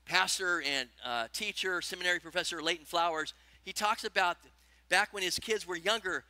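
A male pastor delivers a lively sermon and keeps putting questions to his listeners. His voice sits high and sounds very bright. The recording is close and dry, with no room sound. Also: normal speed, no room sound. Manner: animated preaching, asks the congregation questions.

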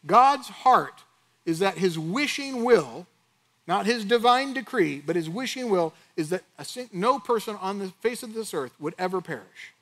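A man with a rather high voice preaches a sermon. He keeps it lively with rhetorical questions and quick acted-out lines of dialogue. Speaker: pastor.

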